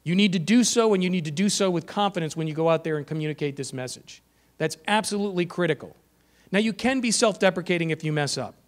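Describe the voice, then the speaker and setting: A man giving a conference presentation to teachers, energetic and emphatic, shifting his pace for effect. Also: sits high, quick pace. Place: conference room.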